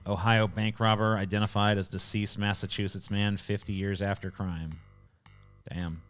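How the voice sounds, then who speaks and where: A man's voice: fairly low pitch, little pitch movement, moderate pace, smooth, faint music behind. Blunt, profane man on a livestream. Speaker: livestream host reading chat. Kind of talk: casual livestream chat.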